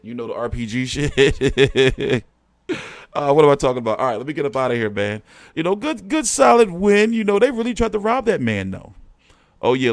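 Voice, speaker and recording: A man ranting through a casual live stream, exasperated and full of cussing and slang. His voice sits at an ordinary pitch, recorded close and dry with no room sound. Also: no echo. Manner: profane, rambling and exasperated; slangy street talk. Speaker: boxing show host.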